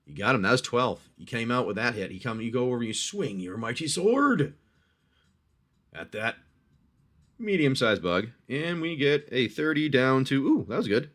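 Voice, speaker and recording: A livestream host speaks at medium pitch and a moderate pace, animated as he narrates a dice-driven adventure game. He chats away, calls the player "my friend," explains every roll, and reacts loudly to hits.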